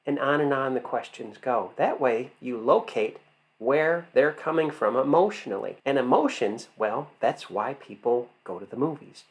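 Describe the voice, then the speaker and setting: A man's voice: medium pitch, lively intonation, normal speed. A man teaching as an acting coach, emphatic, asking rhetorical questions and answering them himself. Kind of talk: instructional talk to camera.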